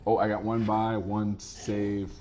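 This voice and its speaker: Low-voiced man chatting on a game stream. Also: flat delivery, slow, mellow, a little hiss or hum. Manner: easygoing and rambling, answering chat as he plays. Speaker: streamer playing a game live. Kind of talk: casual live-stream chat with viewers.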